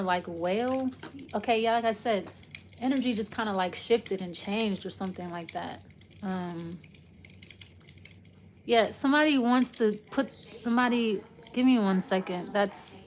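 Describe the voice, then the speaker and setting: A tarot reader, a woman with a medium-pitched voice, gives a loose, casual reading, rambling and trailing off as she works through it. A little hiss or hum sits under the recording.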